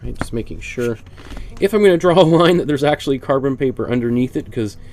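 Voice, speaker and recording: A man's voice: medium pitch, animated, fast, darkish tone, slight background noise. A man with a cold teaching a painting class. He talks in a chatty way and explains each step as he works. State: congested with a cold. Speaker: art instructor. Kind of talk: casual painting demonstration.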